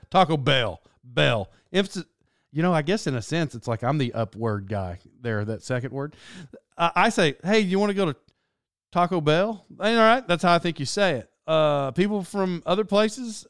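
A man in his thirties telling rambling, animated stories in a casual monologue as a podcast host. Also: fairly high pitch, normal speed, smooth, no room sound, clean studio sound. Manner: rambling, animated storytelling with laughs.

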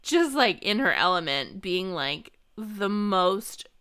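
A woman co-hosting a podcast in a loose, chatty film discussion. Her voice is bright and sits at a middle pitch, and she leans heavily on fillers and quick asides. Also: sing-song, clear, resonant tone. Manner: chatty, filler-heavy, jokey. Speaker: podcast co-host.

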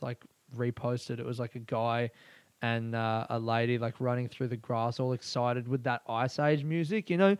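Profane Australian podcaster with a smooth voice. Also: male voice, medium pitch, darkish tone, no room sound, dull audio. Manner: crude, profane and rambling. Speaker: podcast host. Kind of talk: solo casual podcast monologue.

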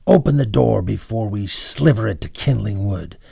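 A man's voice: moderate pace, creaky, dark tone, husky, no room sound, heavily acted. A man voicing menacing threatening robbers. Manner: threatening, muttering low. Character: menacing band of robbers, brutal men.

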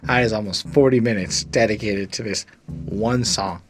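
A man's voice: fairly low pitch, normal speed, soft background music. A man casually reviewing a song on a podcast, rambling and enthusiastic, with lots of swearing. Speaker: music reviewer.

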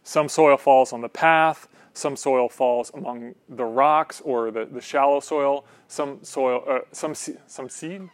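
A man's voice: medium pitch, dry recording. A man preaching a sermon in a conversational way, often checking in with "right?".

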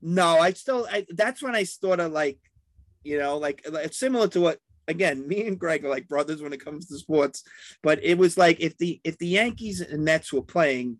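A man's voice: fairly high pitch, animated, moderate pace, no echo. A man in casual sports chat, telling rambling stories with many restarts.

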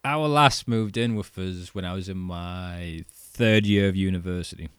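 A man's voice: deep voice, normal speed, clear, resonant tone, no room sound, studio quality. A man chatting animatedly about wrestling, laughing and swearing as he talks. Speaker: wrestling fan co-host. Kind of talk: casual chat.

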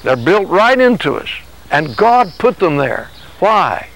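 A man's voice: high-pitched, very animated, slow pace, gravelly, fairly bright tone, slight background noise, rough recording. A man preaching a sermon in an earnest way, acting out dialogue as he teaches. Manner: earnest, acts out dialogue with God and his body.

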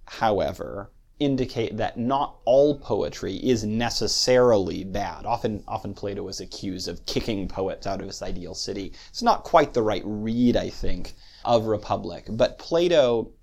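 Gravelly low-voiced man lecturing. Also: a little mellow. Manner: thoughtful, measured, taps out meter aloud. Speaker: poetry podcast host. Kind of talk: lecture-style podcast talk.

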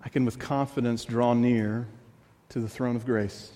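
A man's voice: mid-range voice, steady tone, a little slow, warm tone, in a large hall. A man preaching a sermon as pastor, earnest and confessional, often repeating his phrases as he builds a point.

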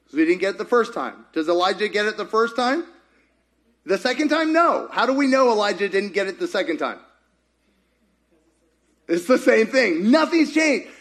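A man preaching a sermon as pastor, animated and full of questions put to the congregation. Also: high voice.

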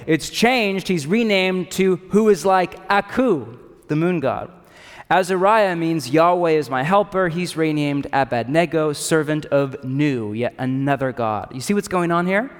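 A pastor preaching a sermon in an animated, casual, joking way. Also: male voice, on the high side, long reverb tail. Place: church in a city.

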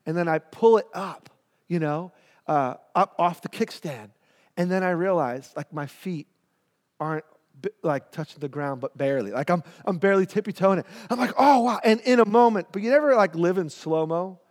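A middle-aged man, a pastor, telling a personal story in a sermon with lively, animated delivery and acted-out voices. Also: sits high, normal speed. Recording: long hall reverb.

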